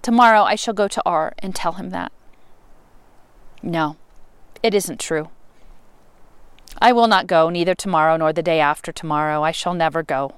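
A woman reading a novel aloud, expressive, with sudden rises and emphatic words. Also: on the low side, normal speed, long pauses, clear, resonant tone, no echo. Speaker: reader.

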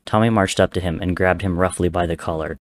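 A man narrating a dark dramatic story in a measured, intense reading. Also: low-pitched, fairly even intonation, dry recording, studio quality.

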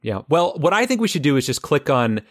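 A man's voice: a little high, big pitch swings, brisk, no room sound, clean studio sound. A man co-hosting a podcast, chatting casually with playful, mock-authoritative confidence. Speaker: podcast co-host. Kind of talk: casual banter.

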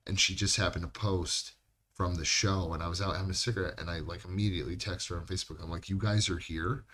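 A man's voice: low-pitched, steady tone, fast talker, a bit bright. A man co-hosting a podcast, telling rambling, profane stories in casual chat. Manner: rambling, swears a lot. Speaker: podcast co-host.

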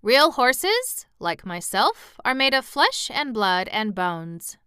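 A woman's voice: on the high side, very animated, slow pace, sharp tone, clean tone, dry recording, clean studio sound, voice pushed up, full character voice. A woman voicing a proud, boastful male cab horse who talks down with pity. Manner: haughty, pitying.

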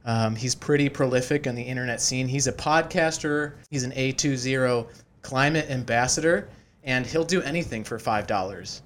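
A man's voice: medium pitch, moderate pace, a little hiss or hum. A man hosting a casual podcast chat, joking and laughing often, with many fillers. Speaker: podcast host.

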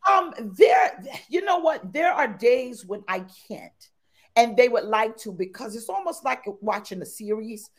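An exuberant woman chats as an interview guest, her voice swooping widely through a fairly high register. She repeats phrases for emphasis and bursts into excited high tones. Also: a little slow. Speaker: podcast guest. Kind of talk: animated interview chat.

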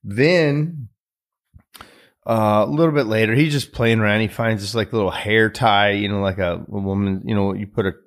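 A low-voiced man hosting his own podcast and telling a personal story. He speaks in an earnest, rambling way, full of fillers and restarts. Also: normal speed. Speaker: podcast host. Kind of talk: casual storytelling monologue.

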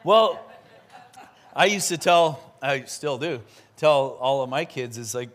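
A man, a pastor, preaching a sermon and telling a personal story in a lively, chatty way. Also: mid-range voice. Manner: animated storytelling with quick asides.

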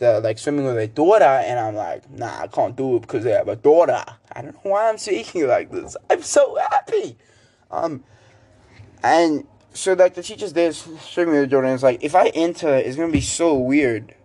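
A man's voice: mid-range voice, a little mellow. A teenage boy hosting a solo podcast, rambling through a story in casual chat with lots of fillers. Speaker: student podcaster.

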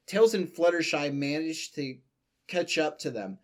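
A young man gives a comedic read-aloud of a fan story, his voice sitting a little high. He stops now and then for joking asides and laughs with a friend. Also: fairly even intonation, moderate pace. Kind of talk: comedic dramatic reading.

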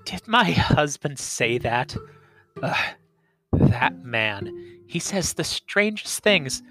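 A man voicing a sharp-tongued, scheming peasant wife with a high, scolding manner. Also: very animated, drawn-out words, faint music behind, full character voice. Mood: feigned innocence.

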